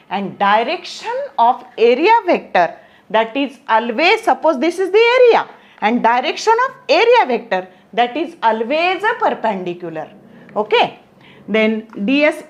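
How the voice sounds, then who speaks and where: A woman explaining physics concepts step by step, often pausing with "okay". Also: on the high side. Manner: slow, repetitive explaining with frequent "okay". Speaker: physics teacher. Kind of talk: whiteboard physics lesson.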